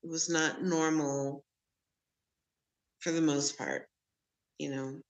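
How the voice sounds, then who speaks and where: A woman with a lowish voice recounts her story slowly and openly. She takes her time and lets the odd laugh slip in as she talks with an interviewer over a remote connection. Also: fairly even intonation. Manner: candid, unhurried storytelling with laughs. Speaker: podcast guest, medium.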